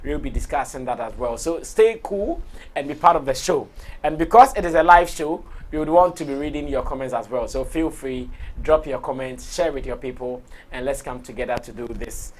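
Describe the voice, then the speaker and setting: A man with a Ghanaian accent hosting a live entertainment talk show, his voice hoarse, talking in an excitable, expressive way and laughing often. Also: medium pitch, moderate pace. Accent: Ghanaian English. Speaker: show host.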